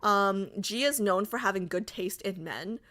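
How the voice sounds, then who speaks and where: A woman's voice: mid-range voice, a little slow, bright, forceful tone. A woman streamer in casual livestream chat, chatty and giggly, reading viewer comments aloud.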